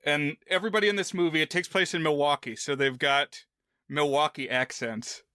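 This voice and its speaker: Male podcast co-host, bright tone, slightly high voice, casual film chat. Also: moderate pace, no echo, clean studio sound. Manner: relaxed, conversational, with frequent fillers.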